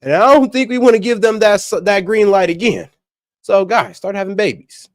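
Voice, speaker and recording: Man, reaction streamer, lively pitch, dry close sound, blunt slangy chat. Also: moderate pace, no echo. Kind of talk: casual reaction commentary.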